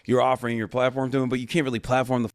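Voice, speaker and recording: A man's voice: medium pitch, flat delivery, racing. A man in casual podcast conversation, blunt and opinionated.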